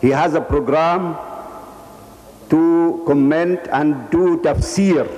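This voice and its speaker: A man's voice: fairly high pitch, steady tone, slow, darkish tone. A man from Egypt, giving formal thanks and remarks after a lecture, hesitant with many fillers. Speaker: speaker from the audience. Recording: long reverb of a lecture hall.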